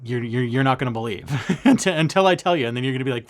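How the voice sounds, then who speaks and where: A man talking excitedly to camera in a casual monologue, stammering and repeating himself as he goes. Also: mid-range voice, fast, hardly any pauses. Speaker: cross-stitch vlogger.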